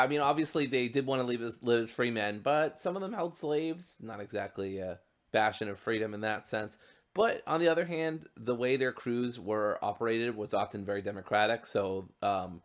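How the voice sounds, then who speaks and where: A young man giving casual gameplay commentary, rambling and animated, with plenty of ums. His voice sits fairly low. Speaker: streamer.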